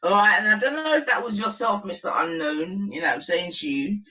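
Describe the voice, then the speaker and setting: A man's voice: high voice, brisk, bright, forceful tone, rough recording. A man chatting casually on a game stream, laid-back and slangy, laughing often.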